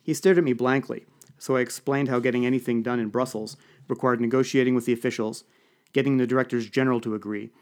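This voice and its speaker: A man's voice: mid-range voice, steady tone, fast talker. A man narrating an audiobook in the first person, dry and wry.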